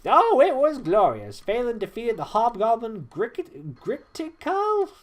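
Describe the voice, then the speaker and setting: A man's voice: a little high, huge pitch swings, moderate pace. A man putting on a folksy old Southern weapon master. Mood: boastful. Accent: Southern US, put on. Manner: folksy, grumbling, calls the hero lad. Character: old gruff male weapon master, boastful, talkative.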